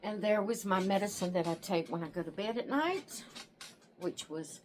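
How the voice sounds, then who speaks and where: A tired woman hosting her own channel, chatting to viewers in a rambling, relaxed way and yawning now and then. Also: mid-range voice, moderate pace, slight background noise. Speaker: doll channel host. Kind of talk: casual chat to viewers.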